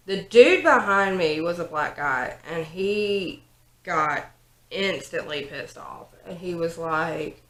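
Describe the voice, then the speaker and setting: A woman's voice: fairly low pitch, lively intonation, slow pace, gravelly, long pauses, bright, forceful tone. A young woman telling a story in a casual get-ready-with-me chat while doing her makeup, with lots of likes and ums. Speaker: vlogger, 911 operator. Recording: roomy home recording.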